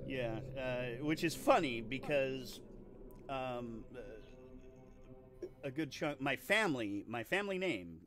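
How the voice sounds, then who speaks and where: A man running a tabletop game as game master, narrating with many pauses and restarts. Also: medium pitch, animated, music in the background. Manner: halting, many ums and restarts.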